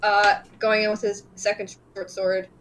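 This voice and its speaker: A woman's voice: medium pitch, flat delivery, a little slow, fairly bright tone, slight background noise, rough recording. A woman playing a tabletop game, hesitantly adding up damage aloud. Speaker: player.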